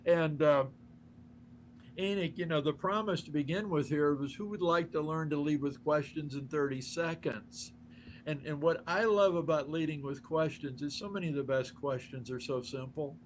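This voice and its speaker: A man's voice: on the high side, normal speed, slight background noise. An older man, a guest on an interview, telling stories with enthusiasm, acting out quoted dialogue and laughing often. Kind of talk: animated storytelling in conversation.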